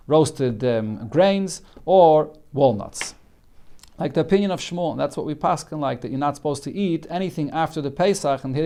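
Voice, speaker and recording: Talmud teacher man, higher-pitched voice. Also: darkish tone, clean tone. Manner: explains Aramaic text line by line with many fillers. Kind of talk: daily Talmud class.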